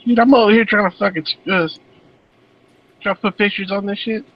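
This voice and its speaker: A man co-hosting a casual show, loud and excitable, swearing as he talks. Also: high voice, a little fast, highs cut off. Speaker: co-host. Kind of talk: casual chat.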